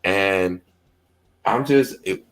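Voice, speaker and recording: Middle-aged guy w/ aave, chill commentary chat, kinda low voice, acts out what people said. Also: very slow, a bit bright, clear, resonant tone. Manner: laid-back storytelling, acts out quoted lines. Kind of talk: casual commentary talk.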